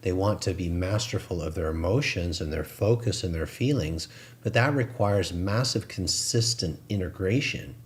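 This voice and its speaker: A man with a very deep voice co-hosts a spiritual talk show. He talks in a reflective, coaching way, like a gentle preacher. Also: normal speed. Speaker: co-host.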